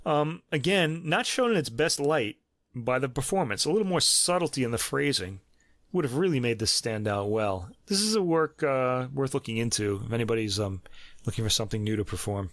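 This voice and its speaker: A man's voice: medium pitch, lively intonation, brisk, no echo. A man in his fifties with a New York accent, hosting a casual podcast and reviewing classical recordings in a chatty, hesitant way. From New York City. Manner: chatty, hesitant with many ums and restarts, laughs often. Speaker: podcast host. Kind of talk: casual music review chat.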